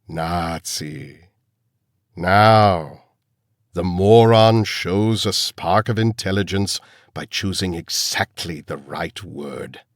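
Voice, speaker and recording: A man's voice: low-pitched, dry recording, clean studio sound. Man putting on a cold old villain doctor. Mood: menacing. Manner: calm, menacing, slow. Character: cold elderly male villain scientist.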